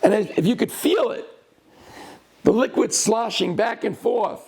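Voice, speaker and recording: A middle-aged male lawyer recounting a past case, speaking deliberately in short phrases and slowing down to stress key words. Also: high voice, darkish tone, husky. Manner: deliberate, broken into short phrases, with slowed emphasis.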